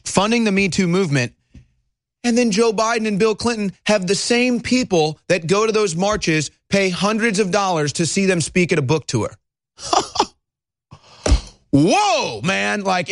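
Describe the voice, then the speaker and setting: A man hosting a talk radio show, ranting heatedly and swinging between loud outbursts and calmer stretches. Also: high-pitched, no echo, studio quality. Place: broadcast studio.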